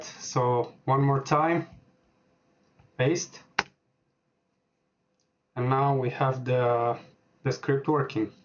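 Hesitant man with a dull lo-fi mic. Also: mid-range voice. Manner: hesitant, many filler words, talks while typing. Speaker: programming tutorial host. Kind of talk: screen-recorded software tutorial.

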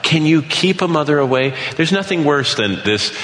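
A man preaching an earnest sermon, slowing down to read scripture aloud. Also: fairly high pitch, expressive, fairly bright tone. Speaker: pastor. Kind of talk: sermon teaching. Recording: echoey hall with light background noise.

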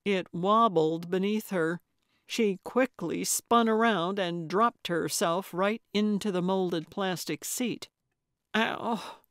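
A woman reads a cozy mystery audiobook at a slow, unhurried pace, measured and even. The studio recording is dry and close, with no room sound at all. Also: mid-range voice, dry recording. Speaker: audiobook narrator. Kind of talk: scripted audiobook narration.

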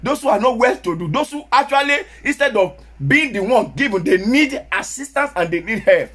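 A man with a Nigerian Yoruba accent, preaching a sermon as pastor, sometimes rising to shouts. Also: very high voice, lively intonation, brisk, husky.

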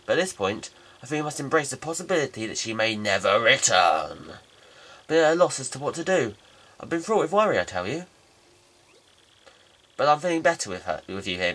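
A man doing a pompous, stuffy old-fashioned gentleman who talks slowly and formally, in a game let's play. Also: mid-range voice, very animated. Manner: pompous, slow, drawn-out speech.

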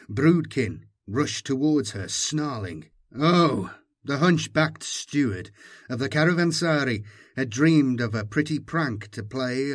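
A man reading an audiobook in measured, dramatic scripted narration. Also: mid-range voice.

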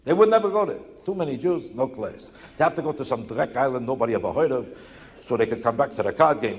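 A man doing stand-up comedy before a live audience, talking rapidly and insistently with rhetorical questions and repetition. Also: mid-range voice, expressive, slight background noise. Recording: echoey hall, live show.

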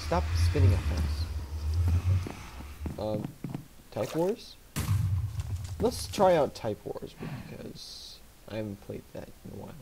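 Slow-talking man narrating a game. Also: medium pitch, sing-song, gravelly. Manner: slow, muttering, reads game words aloud. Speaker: gaming channel host. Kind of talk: let's play commentary. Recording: loud background noise.

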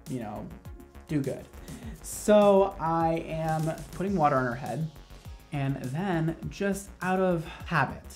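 A young man, a hairstylist and video host, telling a story to camera in a casual, animated and sassy way. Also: fairly high pitch. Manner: animated, sassy and expressive, with lots of "like".

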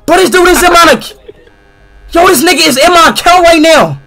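A young man streaming a game, talking in an excitable, exasperated, profane way that keeps breaking into shouts. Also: very high voice, brisk, faint music behind. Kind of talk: live game-stream commentary.

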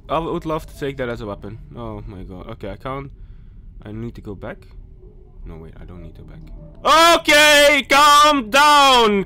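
A man's voice: mid-range voice, fairly bright tone. A man commentating a horror game playthrough, jumpy and nervous, talking himself through scares and speaking directly to viewers and game characters. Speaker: gaming YouTuber.

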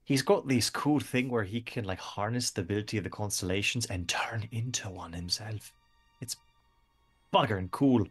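Man running a tabletop game, low voice, casual and chatty, faint music behind. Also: moderate pace, slightly rough. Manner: casual, laughs often, filler-heavy. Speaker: game master.

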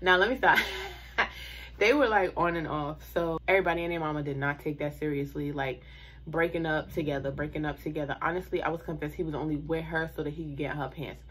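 A woman's voice: low voice, steady tone, fairly quick, fairly bright tone, slightly rough. A young woman telling a storytime to her viewers in a casual, slangy way, with asides and laughs.

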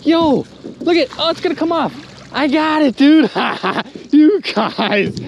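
An excitable man calls out to his viewers from a small boat on a river, his voice swinging up and down as he reacts. He talks in a loose, casual way. Faint noise from the water and boat sits behind him, picked up by a camera mic. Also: very high voice, takes it slowly, creaky, highs cut off. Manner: excitable, loud exclamations, addresses viewers as you guys and dude. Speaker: magnet fishing vlogger. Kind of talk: excited outdoor vlog commentary.

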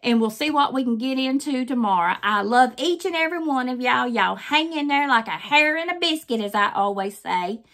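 A woman's voice: high-pitched, expressive, moderate pace, hardly any pauses, fairly bright tone. An older woman from Mississippi with a Southern accent, a crafting channel host chatting casually to her viewers in a folksy, rambling way with homespun sayings. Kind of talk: casual vlog chat to viewers.

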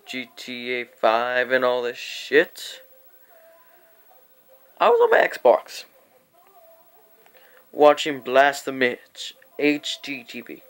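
Slow, rambling young man telling a story. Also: mid-range voice, fairly bright tone, smooth. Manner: rambling, profane, with whispered acted quotes. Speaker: vlogger. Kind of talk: casual storytime vlog.

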